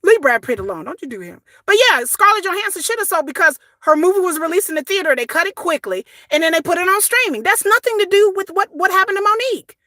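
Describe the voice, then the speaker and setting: A woman, ranting casually to her viewers, sassy and animated, swearing and repeating words as she goes. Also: extremely high pitch, fast talker, few pauses, no room sound, studio quality. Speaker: commentary vlogger. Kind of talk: casual opinion rant.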